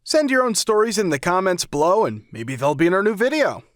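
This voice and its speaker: A man's voice: sits high, big pitch swings, brisk. A man giving an upbeat, welcoming scripted intro as the channel host.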